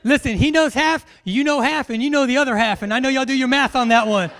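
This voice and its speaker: A man's voice: very high-pitched, fast talker, a bit bright. A man, a military instructor giving a live classroom briefing in a large hall, joking and quizzing his audience.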